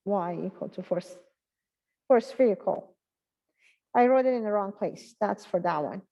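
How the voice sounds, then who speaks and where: A woman giving a math exam review in an online class, talking in a halting way and thinking aloud with many pauses and fillers. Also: mid-range voice, animated, warm tone, dull audio. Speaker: math instructor.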